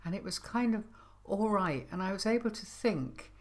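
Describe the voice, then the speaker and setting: An older woman co-hosting a podcast, reflecting thoughtfully in a soft-spoken, conversational way. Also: mid-range voice, expressive, moderate pace. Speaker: podcast co-host. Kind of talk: reflective casual chat.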